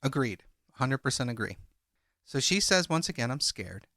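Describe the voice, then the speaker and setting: A man's voice: medium pitch, sing-song, normal speed, fairly bright tone, no room sound, studio quality. A man co-hosting a true crime podcast, recounting a call transcript and reading out each speaker's lines. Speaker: podcast co-host.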